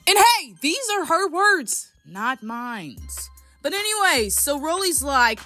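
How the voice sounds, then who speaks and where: A woman giving a casual, animated and profane recap of a reality show, full of opinions. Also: high voice, slow pace, faint music behind. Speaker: reality TV commentator.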